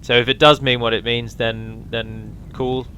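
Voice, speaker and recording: A man's voice: mid-range voice, flat delivery, unhurried, pushed and bright, slight background noise. A man giving a casual, rambling walkthrough of a strategy game mod, with frequent ums and restarts.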